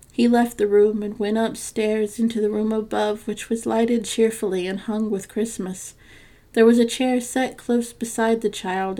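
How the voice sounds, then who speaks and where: Woman narrator, storybook reading, gentle and measured, vocal fry. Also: mid-range voice. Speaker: podcast narrator. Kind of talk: storybook reading of a classic tale.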